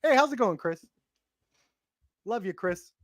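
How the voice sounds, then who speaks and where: A man's voice: high voice, expressive, unhurried, fairly bright tone, dry recording, clean studio sound. A man co-hosting a live movie talk show in a casual, jokey chat, laughing often.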